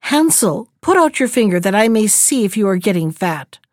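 A woman's voice: medium pitch, sing-song, normal speed, darkish tone, dry recording, clean studio sound, close to an everyday voice. A woman voicing a cruel old witch in a storybook reading, with a jeering, scolding manner.

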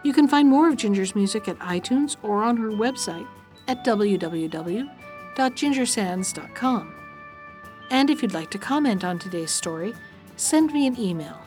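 A woman hosting a storytelling show, reading a fairy tale aloud in a gentle, even way and closing with listener notes. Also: medium pitch, normal speed, faint music behind. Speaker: storyteller and podcast host.

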